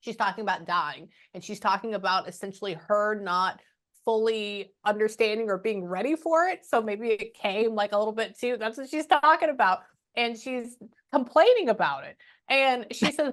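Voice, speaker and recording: A woman's voice: mid-range voice, animated. A woman spiritual medium talks a client through a reading in a loose, chatty way. She stops herself mid-sentence, starts again and drops the odd curse. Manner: chatty, halting, trailing off and cursing. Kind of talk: casual reading session.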